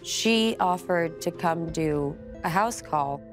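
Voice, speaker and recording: Woman telling a ghost story, low-pitched. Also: slow, over music. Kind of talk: documentary interview storytelling.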